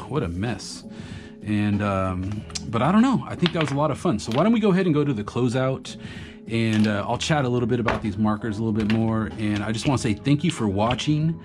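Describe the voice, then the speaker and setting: A man who is a graffiti artist, chatting casually to the camera about his markers and inks as he draws, rambling and laughing often. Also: medium pitch. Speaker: graffiti artist reviewing art supplies. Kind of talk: casual talk to camera while drawing. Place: home art studio. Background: background music.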